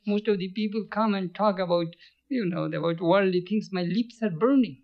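A man's voice: high voice, moderate pace. A man giving a spiritual lecture, telling stories, chanting verses and chuckling often. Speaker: spiritual teacher. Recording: dull lo-fi recording.

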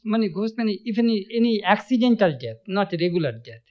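A man's voice: high-pitched, sing-song, fast. A man giving a spiritual lecture, telling stories, chanting verses and chuckling often. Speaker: spiritual teacher. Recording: dull lo-fi recording.

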